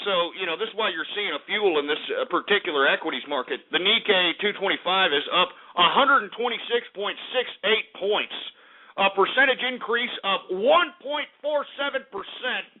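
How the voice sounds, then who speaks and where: A male radio host with a high voice reads market numbers and snaps combatively at his audience. His voice comes through narrow and tinny, like a phone line. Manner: abrasive, combative, insults listeners. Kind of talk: ranting market report on talk radio.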